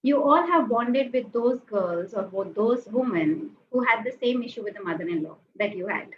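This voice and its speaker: Woman speaker, kinda high voice, acts out little scenes, dull webinar audio w faint hiss. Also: normal speed. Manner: animated, acts out quoted reactions, asks the audience. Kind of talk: lively motivational talk with acted asides. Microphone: webinar call mic.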